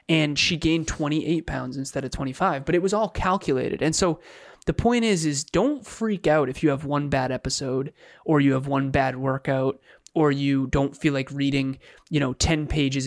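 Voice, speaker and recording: A man's voice: a little high, dry recording. Earnest man with a dry close sound. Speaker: fitness coach and podcast co-host. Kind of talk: casual podcast talk.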